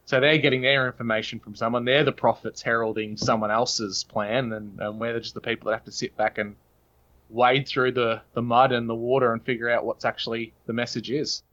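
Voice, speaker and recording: A man's voice: mid-range voice, little pitch movement, a little fast, a bit bright, muffled recording. A man with an Australian accent, a podcast guest talking in long, earnest, opinionated runs. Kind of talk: casual podcast chat.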